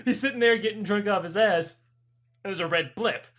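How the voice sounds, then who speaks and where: High-voiced young man telling profane stories. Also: normal speed. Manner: profane, animated storytelling with voiced characters. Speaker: podcast co-host. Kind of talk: casual chat.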